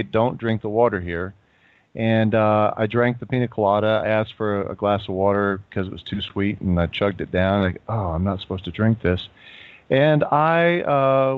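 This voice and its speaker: A man in his fifties, a guest in a casual chat, relaxed, at times reading passages aloud. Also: lowish voice, normal speed, no room sound. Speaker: guest, former Navy sailor. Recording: tinny phone line.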